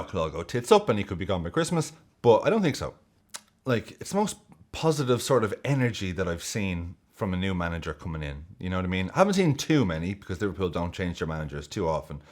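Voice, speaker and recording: A man with a deep, low voice talks straight to camera as a football video host. His delivery is casual, jokey and excitable, with swearing and self-mocking asides. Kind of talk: casual vlog commentary.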